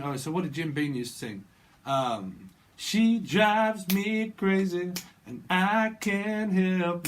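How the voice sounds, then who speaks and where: Rambling British man, pitched a bit high. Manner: free-associating, repeats words, slips into song snippets. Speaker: tarot reader. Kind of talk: rambling channeled tarot vlog.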